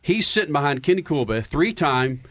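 Brash, loud male radio host in a dry, slightly muffled studio. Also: on the high side, very animated, normal speed, no room sound. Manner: loud, hyped, brash and joking. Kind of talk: energetic motorsports radio banter.

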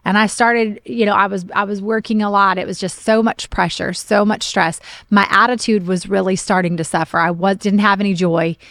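A middle-aged woman pastor co-hosting a podcast, telling a personal story with lively, animated retellings of her own complaints. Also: medium pitch, normal speed, hardly any pauses, no echo. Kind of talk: casual podcast talk, testimony.

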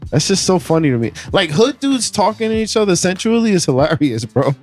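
Young male co-host, relaxed slangy chatter, animated pitch, soft music bed. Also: fairly quick. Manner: laid-back, laughing, slangy banter. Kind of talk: casual chat among friends.

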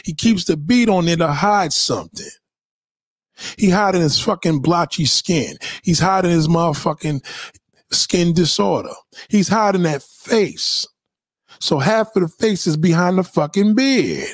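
A man on a casual livestream tears into topics with blunt, mocking energy. His voice sits a little higher than most men's. The sound is dry and close, with no room echo. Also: lively intonation, unhurried. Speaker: livestream host reading chat. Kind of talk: casual profane rant.

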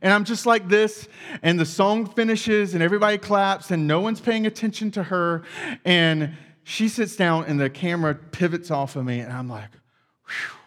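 A man pastor delivering a sermon through personal stories, animated and full of self-deprecating humor, in a church auditorium. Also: high voice, normal speed, big-room sound.

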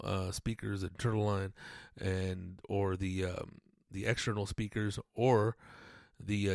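A man's voice: low voice, creaky, dry recording, studio quality. A man hosting a podcast, rambling casually and swearing often, with lots of fillers. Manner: rambling, profane, laid-back, lots of "dude" and fillers. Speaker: podcast host.

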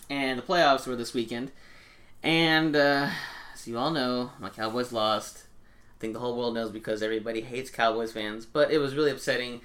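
A young man co-hosting a podcast, telling stories in a lively, casual way with offhand swearing. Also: mid-range voice. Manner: animated storytelling, swearing casually. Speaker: podcast co-host. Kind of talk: casual chat.

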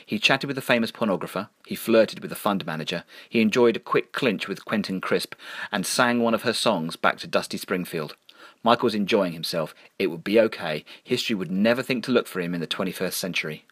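Male storyteller, deep and deadpan, dry studio sound. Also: brisk, no echo. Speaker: narrator. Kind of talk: storytelling reading.

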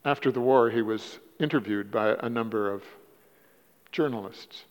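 A man preaching a sermon in a church, telling stories in a halting way, repeating words and rising in pitch for emphasis. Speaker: guest preacher. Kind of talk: sermon with storytelling. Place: church sanctuary. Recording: dull lo-fi church recording with long reverb.

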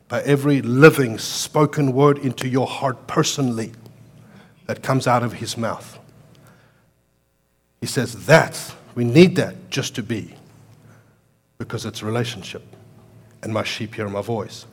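Man preaching with loud bursts. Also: medium pitch, a little slow, long pauses, slightly rough. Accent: foreign to American listeners. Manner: animated preaching with sudden loud outbursts and quiet storytelling. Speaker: pastor. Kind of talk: sermon.

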